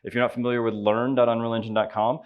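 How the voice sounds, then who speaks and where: A man with a Southern US accent giving a live conference tutorial, upbeat and chatty, joking with the audience as he runs a software demo. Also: mid-range voice, little pitch movement, quick pace, phone-quality sound. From Southern United States. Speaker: conference presenter.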